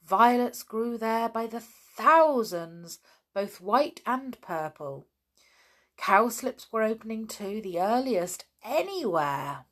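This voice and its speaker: A woman storyteller reads a children's book aloud, dropping chatty, informal asides to her listeners between passages. Her mid-range voice is a bit bright, and she takes it slowly.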